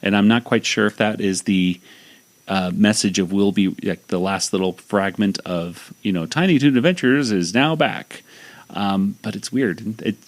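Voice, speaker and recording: The man hosting this podcast has a voice on the low side and speaks at normal speed. He gives a loose, rambling recap of a cartoon episode, full of fillers and restarts.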